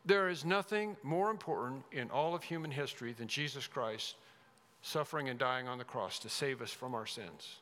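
A man preaching an expository sermon as pastor, emphatic, rising loud then dropping to a hush. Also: medium pitch, normal speed. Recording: long reverb of a large hall.

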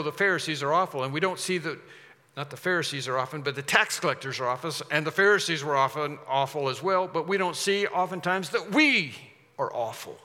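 A man's voice: on the high side, sharp tone. A man preaching a sermon with emphatic delivery, putting rhetorical questions to his congregation. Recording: long reverb of a large hall.

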